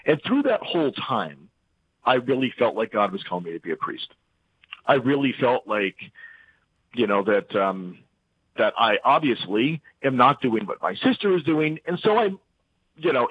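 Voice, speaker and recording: Casting: middle-aged man, lively, husky, halting delivery over a tinny phone-like line. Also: mid-range voice, no echo. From central Louisiana. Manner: animated, halting with restarts and fillers. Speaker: interview guest. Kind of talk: casual faith interview.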